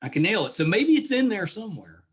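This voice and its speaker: A man's voice: sits high, sing-song, quick pace, a bit bright. A middle-aged man with a West Virginia accent hosting a podcast, rambling and self-deprecating, chuckling often. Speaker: podcast host. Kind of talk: casual interview chat.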